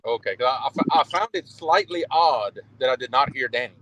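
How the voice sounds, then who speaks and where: A man with a South Louisiana accent chatting casually on a fishing livestream call from a loud truck, easygoing and often restarting his words. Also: mid-range voice, lively intonation, fairly quick, slight background noise, low-quality recording. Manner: easygoing, chuckles often, repeats words as he starts. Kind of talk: casual chat.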